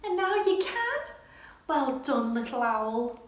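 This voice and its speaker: A woman voicing a loving, calm mother owl in a storybook reading, soft and soothing. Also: sits high, slow pace, full character voice. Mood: tender. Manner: gentle, soothing. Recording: very echoey room.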